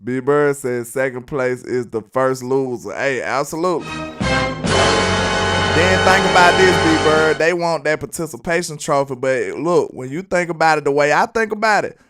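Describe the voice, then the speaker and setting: A man hosts a casual sports livestream. He trash-talks loudly in slang, full of energy. Music plays clearly behind him. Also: a little high, normal speed. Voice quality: loud, animated, trash-talking with slang. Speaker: sports commentary host.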